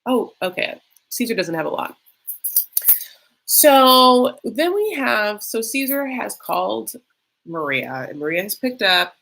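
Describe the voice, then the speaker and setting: A woman's voice: on the high side, big pitch swings, takes it slowly, gravelly, a bit bright. A woman hosting a live stream, reacting to a reality show in a chatty, sarcastic, theatrical way. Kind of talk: casual live reaction chat.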